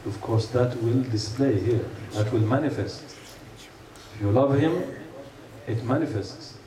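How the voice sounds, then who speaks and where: A male preacher speaks with a medium-pitched, slightly slow voice, giving a heartfelt sermon full of rhetorical questions and stories for the congregation. The recording has room echo, a far-off mic, and a low hum underneath.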